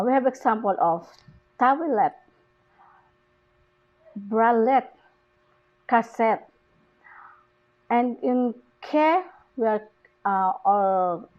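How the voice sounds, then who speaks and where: A young woman giving a class presentation, hesitant, with many fillers and restarts. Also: on the high side. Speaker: student presenting a lesson. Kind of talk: classroom presentation on word stress. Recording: dull lo-fi recording.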